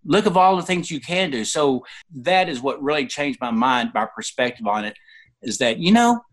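Man around 60, mid-pitched, interview guest; lively storyteller who jumps up in pitch to voice others. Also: moderate pace. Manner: animated, voices other people in quotes with sudden pitch jumps. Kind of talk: conversational personal storytelling.

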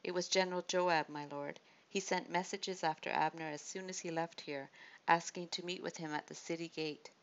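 A woman's voice: lowish voice, fairly even intonation, moderate pace, natural voice. An urgent male messenger, read by a woman. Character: urgent male messenger bringing grim news. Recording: dull lo-fi audiobook recording.

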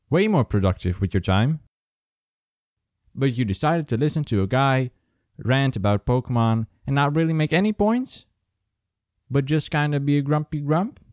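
A man's voice: medium pitch, darkish tone, no room sound, studio quality. A man hosting a solo podcast, ranting sarcastically and profanely in a grumpy way. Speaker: podcast host.

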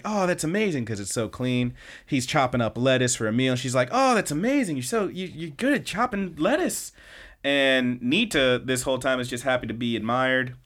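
A man's voice: medium pitch, a bit bright. A man with an ordinary, mid-range voice talks through a story the way friends retell a show. He is loose and informal, with fillers and the odd curse, and slips briefly into the characters' lines as he goes. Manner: chatty storytelling, quoting characters in quick bits; loose, with frequent fillers and swearing. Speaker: podcast host. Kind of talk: casual anime episode recap.

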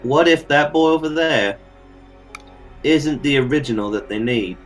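A man's voice: medium pitch, measured pace, faint music behind. Playful man bantering in character. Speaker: player. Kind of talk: tabletop role-play.

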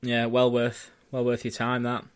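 A man's voice: mid-range voice, completely flat delivery, normal speed, clean tone. A man co-hosting a podcast, chatting in a laid-back way and swearing casually. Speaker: podcast co-host. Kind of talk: casual chat.

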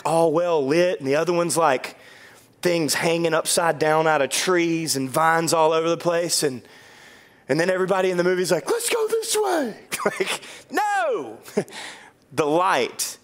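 Male pastor, high voice, lively sermon delivery, playful quick asides, slow emphatic lines. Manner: animated, joking, swings between quick asides and slow emphatic phrases.

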